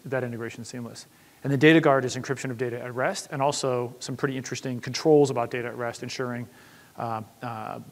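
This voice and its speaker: A man speaks at a tech conference in a casual, explanatory way, often restarting phrases and dropping in "you know." His voice sits at a middle pitch and rings out with the long reverb of a large hall.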